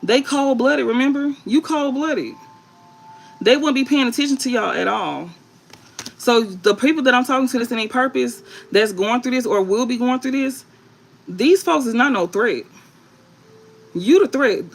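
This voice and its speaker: A tarot reader speaks directly to her viewers in a spiritual reading, blunt and emphatic, repeating points and swearing freely. Her voice is fairly high with vocal fry at a moderate pace, on a low-quality recording.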